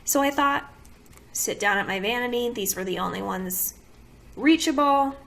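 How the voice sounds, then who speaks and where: A woman with a fairly high voice reviews beauty products she dislikes, talking casually to the camera. She complains dramatically and keeps firing off exasperated rhetorical questions. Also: normal speed, gravelly, fairly bright tone. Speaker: beauty vlogger.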